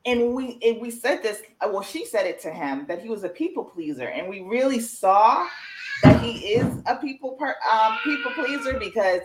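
A woman's voice: fairly high pitch, lively intonation, moderate pace, slight background noise, low-quality recording. A woman co-hosting a casual recap chat over a video call with a glitchy connection, talking hesitantly with restarts. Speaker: podcast co-host.

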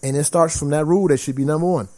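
A man's voice: on the high side, rapid-fire. A man in his forties talking in a casual chat as a podcast co-host, emphatic and slangy. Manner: animated, emphatic, slangy, acts out quoted voices.

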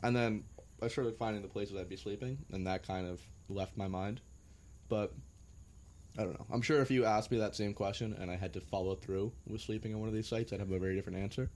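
A man's voice: on the low side, fairly even intonation, brisk, darkish tone. A young American man telling travel stories in a laid-back, joking way, with some swearing. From United States. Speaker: guest. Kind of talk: casual storytelling.

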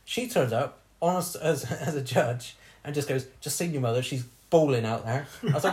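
A man's voice: mid-range voice, normal speed, darkish tone. A man, hosting a podcast and telling a long personal story in casual chat, laughing often as he goes. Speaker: podcast host.

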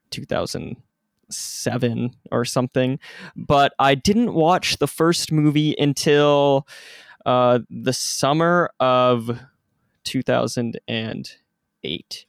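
A man's voice: mid-range voice, creaky, no echo. Male co-host in his twenties, playful banter, dry recording. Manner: jokey, playful. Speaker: podcast co-host. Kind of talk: casual podcast chat.

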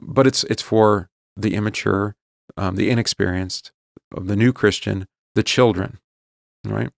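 A man teaching as a pastor, reading passages aloud and explaining them, often checking in with "right?" and slowing down on key points. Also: on the low side, creaky, no echo, clean studio sound. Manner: slows down to stress key points.

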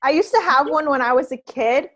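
A woman in her twenties co-hosting a podcast over a video call, chatting quickly and animatedly with many fillers. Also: high-pitched, fairly bright tone. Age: 20s. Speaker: podcast co-host. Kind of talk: casual chat. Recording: dull lo-fi video call audio.

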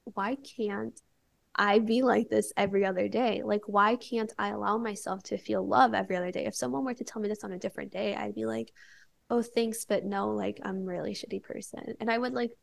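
A young woman speaks as a podcast guest, sharing a personal story in relaxed, candid chat. Her voice has a strong gravelly fry at mid pitch, and she leans on "like" between phrases. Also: fairly quick. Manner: candid storytelling, many filler "like"s. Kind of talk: casual chat.

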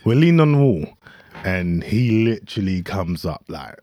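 A man's voice: sits low, moderate pace. A young man, telling a story in casual chat with friends, full of slang and laughter. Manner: animated, slangy, acts out quotes with laughter.

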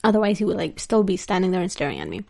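A woman's voice: on the low side, wildly swooping pitch, very fast, creaky, a little mellow, a little hiss or hum. A young woman vlogger telling a story in casual chat, laughing often and using lots of filler words.

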